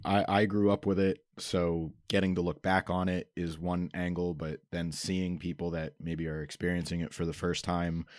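A young man interviews a guest in a very deep voice. His questions wander and are full of fillers. The sound is dry and close. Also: a little mellow, dry recording. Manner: rambling questions with many fillers. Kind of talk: casual interview.

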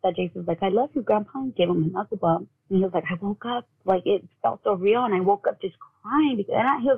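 Husky, gravelly woman on tinny audio. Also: mid-range voice. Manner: halting, full of "like", acts out quoted family talk. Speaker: guest, bereaved mother. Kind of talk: personal storytelling in conversation.

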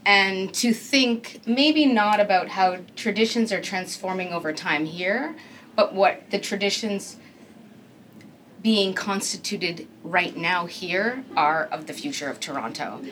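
A woman curator reflects articulately on her work in an interview. Her pitch sits in the middle, and faint ambient noise runs behind her. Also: measured pace, fairly bright tone. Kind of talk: interview answer.

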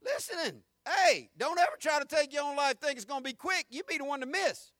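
A man preaching a folksy, emphatic sermon, rising to shouts at peaks. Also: extremely high pitch, sing-song, fairly quick, dry recording, clean studio sound.

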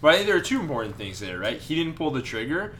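A man's voice: a little high, big pitch swings, fast talker, a loud crowd. A man co-hosting a casual comic book podcast, chiming in with lore details and reactions. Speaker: podcast co-host.

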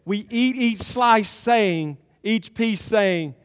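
A man preaching a sermon as pastor, emphatic and building to loud climaxes. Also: high-pitched, very slow, clear, resonant tone, in a large hall. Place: church sanctuary.

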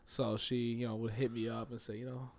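A man with a New York accent touched by a Southern twang, chatting casually as a guest musician on a podcast, laid-back and quick to laugh. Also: medium pitch, level tone, a little mellow. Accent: New York with a slight Southern twang. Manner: laid-back, laughs often, loose slang.

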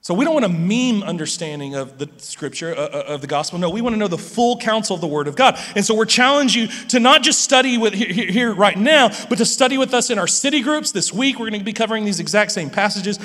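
A man's voice: high-pitched, expressive, fast, few pauses, fairly bright tone. A man preaching a sermon as pastor, playful and talking straight to his audience. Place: large church hall. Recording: long hall reverb.

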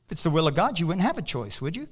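A pastor preaching with passion, his voice a touch higher than most men's. He swings from loud, soaring bursts down to quiet, low asides. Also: very fast, slightly rough. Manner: animated storytelling with laughter. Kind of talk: sermon.

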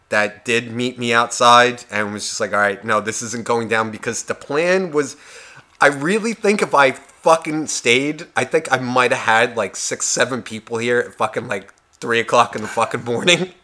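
A man's voice: mid-range voice, normal speed, bright, forceful tone. A young man casually telling a long, profanity-filled bar story on a podcast, acting out everyone's lines. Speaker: podcast co-host.

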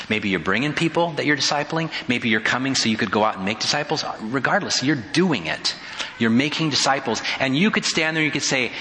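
A male pastor delivers a sermon in a conversational storytelling manner, acting out dialogue as he goes. His voice is bright and forceful, carried by the long reverb of a church hall. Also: mid-range voice.

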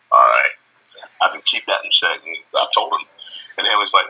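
Middle-aged guy, really deep husky voice, tells stories and laughs a lot. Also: animated, fairly quick, long pauses, pushed and bright, low-quality recording. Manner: storytelling, laughs often, acts out quotes. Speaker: co-host. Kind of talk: casual podcast chat.

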